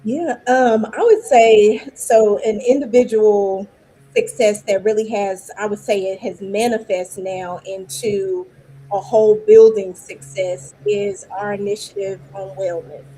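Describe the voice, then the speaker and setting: Mellow-voiced woman principal. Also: medium pitch, animated, measured pace. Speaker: school principal. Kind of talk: reflective panel talk.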